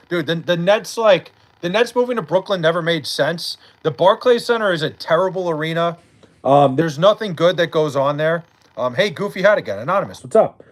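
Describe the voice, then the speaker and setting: A man's voice: fairly high pitch, poor audio. A young man chatting casually on a late-night livestream, reading chat aloud and bantering with loose, profane talk. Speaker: live streamer.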